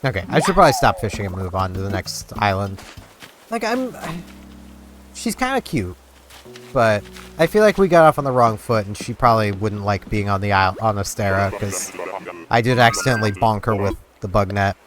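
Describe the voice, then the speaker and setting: A young man from Canada chats casually over a game, wandering from thought to thought with plenty of fillers and restarts. His pitch swings up and down in a lively way, and game music plays clearly behind him. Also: fairly quick. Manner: rambling, chatty, with frequent fillers and restarts. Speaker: gaming video host. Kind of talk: casual gameplay commentary.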